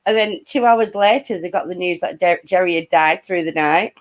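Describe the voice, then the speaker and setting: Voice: medium pitch, moderate pace. A speaker with a Lancashire accent from northwest England, telling a story as a guest in a casual chat. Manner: lively anecdote-telling, many fillers.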